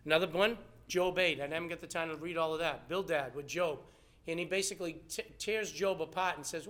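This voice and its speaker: A man preaching a sermon, animated, acting out the people he quotes. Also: on the high side, a little fast. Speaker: pastor.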